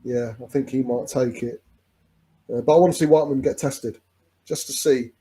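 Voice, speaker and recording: A man's voice: medium pitch, fairly even intonation, moderate pace, dark tone. A man chatting casually as a fan co-host during a live football watch-along, rambling with restarts and calling his friend "mate".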